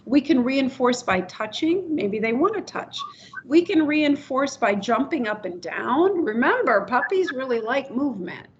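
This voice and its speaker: Female webinar host, chatty and advice-giving, somewhat high voice, dull call audio. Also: slight background noise. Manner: chatty, acts out people's voices when explaining. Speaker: puppy development staff host. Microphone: video call. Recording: muffled video call audio.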